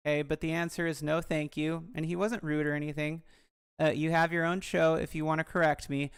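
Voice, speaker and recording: A woman's voice: low voice, little pitch movement, a little fast, clear, resonant tone. A woman YouTuber talking through a dispute in a casual, rambling, frank commentary vlog.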